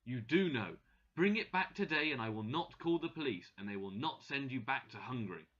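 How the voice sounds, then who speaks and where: A man voicing a wealthy older woman employer who shouts accusations, in a dull lo-fi recording. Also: mid-range voice, animated, brisk. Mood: angry accusing.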